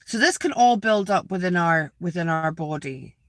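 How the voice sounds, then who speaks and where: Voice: medium pitch, animated, normal speed, fairly bright tone, no echo, clean studio sound. A spiritual vlogger sitting outdoors in a graveyard, rambling casually to viewers, repeating words and asking them questions.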